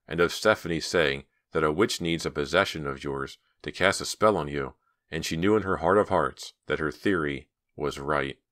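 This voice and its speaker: A man narrating an audiobook in a steady, measured reading style. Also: rumbling low.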